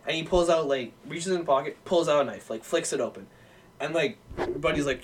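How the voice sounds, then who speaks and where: A man's voice: a little high, quick pace. Rambling young man telling a story. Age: young adult. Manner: rambling, filler-heavy, profane. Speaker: podcast guest. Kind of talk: casual storytelling.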